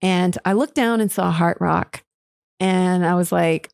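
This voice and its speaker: A woman's voice: fairly low pitch, measured pace, gravelly, darkish tone, smooth, no room sound, clean studio sound. A woman hosting her own podcast, telling a personal story in a candid, emotional way, swearing casually and laughing often. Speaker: podcast host.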